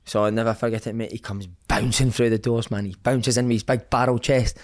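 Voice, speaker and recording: A man, a former footballer telling lively anecdotes as a podcast guest, cursing and saying "mate" often. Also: medium pitch, brisk. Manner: animated, swears freely, says "mate" a lot.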